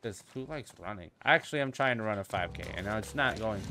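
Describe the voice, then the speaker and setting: A man's voice: lowish voice, animated, fast talker, hardly any pauses, over music. A young man giving casual gameplay commentary as a channel host, goofy and rambling, swearing freely and joking to himself.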